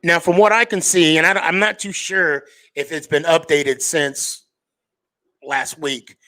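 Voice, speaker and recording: A man's voice: on the high side, fairly even intonation, measured pace, pushed and bright. A man hosting a live sports podcast stream, talking casually and rambling with lots of fillers and restarts.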